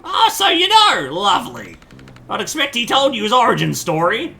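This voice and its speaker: A man reading game dialogue aloud, voicing a fussy, chatty old mother with a shrill, warbly voice. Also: huge pitch swings, normal speed, vocal fry, pushed and bright, heavily acted.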